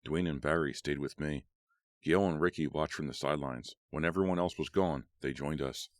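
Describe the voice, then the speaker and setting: Very deep-voiced male audiobook narrator. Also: moderate pace, no echo.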